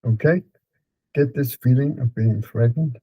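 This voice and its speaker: A man with a Danish accent calmly guiding a client through a therapy session, repeating prompts slowly. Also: medium pitch, slightly rough, no room sound, poor audio. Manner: calm, repetitive prompting with fillers.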